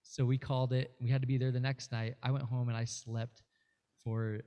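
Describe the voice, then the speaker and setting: A man's voice: medium pitch, flat delivery, moderate pace, warm tone, smooth, dull audio. A man appearing as a guest musician, telling a rambling story in casual interview chat, full of fillers and restarts.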